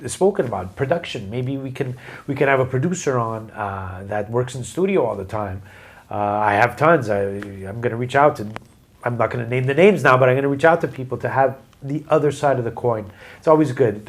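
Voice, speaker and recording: Rambling joking male podcast host. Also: mid-range voice. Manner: rambling, joking, self-deprecating. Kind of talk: casual chat. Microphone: video call.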